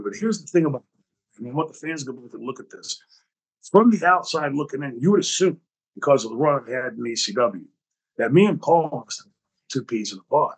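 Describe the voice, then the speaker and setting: A husky-voiced man hosts his own podcast and spins backstage stories in a lively, profane storytelling style. He acts out the back-and-forth dialogue as he goes, with a mid-range voice. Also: mid-range voice, poor audio. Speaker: podcast host.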